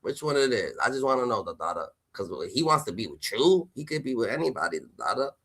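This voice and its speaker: A man streaming casual reaction commentary on rap news, slangy and excitable, repeating a catchphrase tag. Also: mid-range voice, quick pace, slightly rough. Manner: loud, excitable and laughing.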